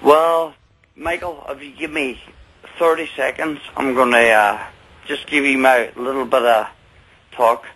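A man in his forties with a Northern Irish accent, calling in to a radio talk show and speaking earnestly, with some halting pauses. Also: mid-range voice, steady tone, fairly bright tone, husky. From Northern Ireland. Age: 40s. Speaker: caller. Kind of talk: radio call-in chat. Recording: phone line on radio.

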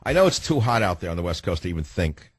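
A man's voice: low voice, very animated, fast talker, breathy edge, no echo. A man hosting a talk radio show, sarcastic and wisecracking, from New York. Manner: sardonic, wisecracking.

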